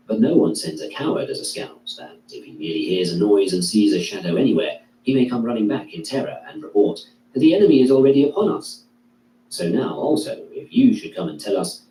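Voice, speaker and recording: Male reader, dark tone, measured declaiming delivery of a classical text; roomy, echoey recording. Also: on the low side, animated. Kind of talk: reading a classical philosophy text aloud. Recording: echoey room, distant mic, faint hum.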